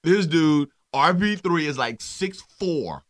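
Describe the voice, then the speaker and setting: A man co-hosting a casual sports talk show, teasing his partner and telling stories in a lively way. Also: a little high, slow pace. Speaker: co-host.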